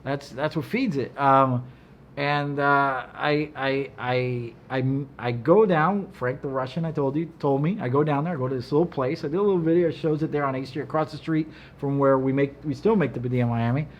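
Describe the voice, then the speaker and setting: A middle-aged man telling stories in casual chat, animated and profane, acting out quotes in a loud high voice. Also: fairly quick, highs cut off, slight background noise. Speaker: cigar brand owner. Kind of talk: casual storytelling.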